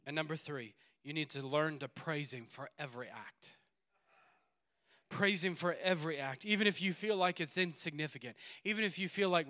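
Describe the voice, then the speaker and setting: Man, preacher, sermon in a church, high voice, bright tone, animated with quiet asides. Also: moderate pace. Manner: animated, swings between loud exhortation and quiet asides, laughs often. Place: church sanctuary.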